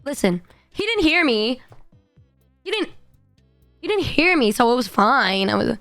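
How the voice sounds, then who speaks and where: A high-pitched woman streamer with a hoarse, worn-out voice, chatting animatedly and laughing as she tells a story. Her voice is close and dry on the mic, with soft music playing underneath. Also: big pitch swings, measured pace, dry recording. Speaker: VTuber streamer. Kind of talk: casual livestream chat.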